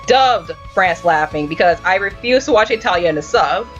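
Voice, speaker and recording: A woman's voice: fairly low pitch, normal speed, muffled recording, faint music behind. A woman hosting a casual anime review podcast, telling stories with a lot of swearing and laughter. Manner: animated storytelling, frequent swearing and laughter.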